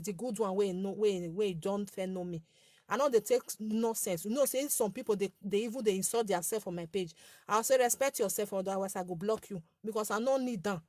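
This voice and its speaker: A Nigerian woman in her forties chats live with her page's followers in a light, girlish voice. She scolds, repeats herself and breaks into laughter, speaking at a middling pitch. The sound is close and dry. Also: a little mellow, dry recording. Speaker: social media page host. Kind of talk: casual live chat with followers.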